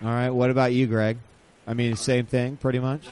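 A man's voice: mid-range voice, level tone, moderate pace, darkish tone, clean tone. A man hosting a casual gaming talk show, bantering energetically and swearing freely. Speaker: host. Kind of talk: casual chat.

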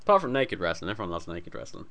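A man's voice: low-pitched, big pitch swings, racing, a bit bright. A man co-hosting a podcast in casual chat, joking and laughing often. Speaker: podcast co-host.

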